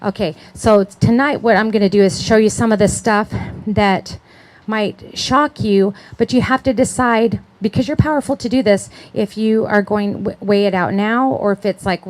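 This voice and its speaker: A woman's voice: mid-range voice, steady tone, normal speed, few pauses, darkish tone. A middle-aged woman giving a chatty, conversational sermon at a conference, often checking in with her listeners and laughing. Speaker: conference speaker.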